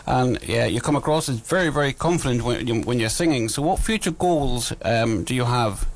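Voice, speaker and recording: A man with an Irish accent presenting on local radio, asking a guest questions in a polite, chatty, slightly halting way. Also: medium pitch, animated. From Ireland. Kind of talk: radio interview.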